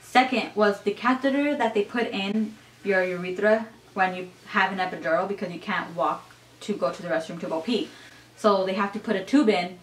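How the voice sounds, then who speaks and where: A young adult woman vlogger telling a personal story in a chatty, animated way, full of "like" and "you guys". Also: medium pitch, normal speed, far from the mic. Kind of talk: casual storytelling to camera. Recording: echoey room.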